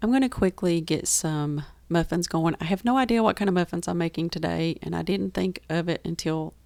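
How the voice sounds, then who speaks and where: A woman from the rural American South with a gravelly, fry-tinged voice, chatting enthusiastically as she narrates her kitchen baking vlog. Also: on the low side, brisk, darkish tone, faint music behind. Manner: chatty and enthusiastic, laughs easily. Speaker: homestead baking vlogger. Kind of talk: casual voice-over narration.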